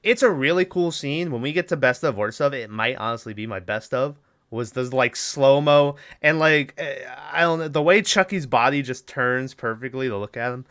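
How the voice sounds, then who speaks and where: Bright, clear-voiced man recapping a movie. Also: mid-range voice. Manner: rambling, swears, acts out movie lines. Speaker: podcast host.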